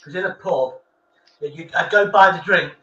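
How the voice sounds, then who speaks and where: A man's voice: a little high, normal speed, pushed and bright. A man hosting a live stream, telling jokey stories in casual chat. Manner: joking storyteller. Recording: roomy, lo-fi stream audio with faint background noise.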